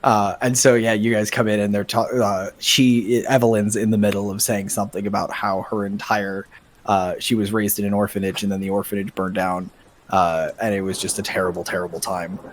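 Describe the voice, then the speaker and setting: Chatty low-voiced man running a tabletop game. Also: little pitch movement, fairly quick, a little hiss or hum. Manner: chatty, laughing, many restarts. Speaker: game master.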